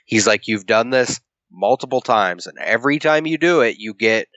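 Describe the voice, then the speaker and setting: A fairly low-voiced man co-hosts a casual podcast, walking through a comic's story and voicing its characters' lines along the way. He swears easily as he talks. The sound is dull and lo-fi, and the room is dry with no echo. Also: lively intonation, moderate pace, fairly bright tone. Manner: retells the plot at length, acting out the characters' lines, swears casually. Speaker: podcast co-host. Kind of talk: casual comic book review chat.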